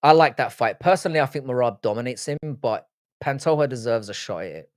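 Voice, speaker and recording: A casual livestream features a British-raised host of Irish roots who has an English accent and answers comments bluntly, with plenty of swearing. His mid-range voice is expressive and quick, recorded at studio quality with no room sound.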